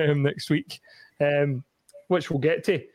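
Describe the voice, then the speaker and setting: A man's voice: fairly high pitch, steady tone, takes it slowly, a little mellow, dry recording. Scottish man, chatty podcast host. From Scotland. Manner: chatty, laughing often, frequent ums. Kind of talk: casual podcast chat. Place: podcast studio.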